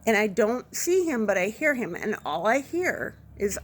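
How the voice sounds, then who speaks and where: A woman with a slightly high voice tells a funny story from her nursing job in a casual way. She is animated and pokes fun at herself as she goes. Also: normal speed, slight background noise. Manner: animated anecdote, self-deprecating, laughs through it. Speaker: nurse.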